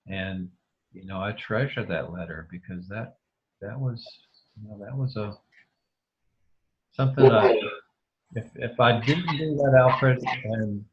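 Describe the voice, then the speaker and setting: Man, interview guest, lowish voice, halting speech, muffled lo-fi call audio. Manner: hesitant, many restarts and fillers. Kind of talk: casual conversation over a video call. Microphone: video call.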